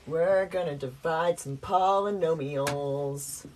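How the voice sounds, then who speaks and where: A woman's voice: low-pitched, slow pace, a little mellow, slight background noise. A woman giving a casual, playful math lesson at a whiteboard, chatty and joking at herself as she works. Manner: playful, chatty, self-mocking asides. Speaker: math teacher.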